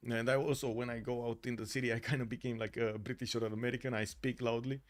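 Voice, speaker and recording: A man's voice: mid-range voice, flat delivery, fast. A man from Romania with a Romanian accent, commentating a strategy game on a live stream, chatty and full of fillers as he searches for words, laughing easily. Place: home streaming room.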